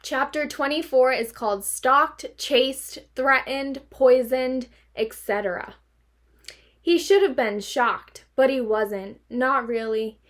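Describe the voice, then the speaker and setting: Woman, teacher, read-aloud, expressive, fairly high voice. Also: slow pace. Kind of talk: reading a novel aloud to students.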